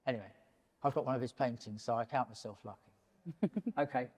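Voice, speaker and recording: An older man in his seventies, a painter speaking to an audience in a public talk, animated and digressive and often breaking off mid-sentence. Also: mid-range voice, brisk. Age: 70s. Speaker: painter and prize winner, interviewee. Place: large gallery hall, in front of an audience. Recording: long hall reverb in a gallery.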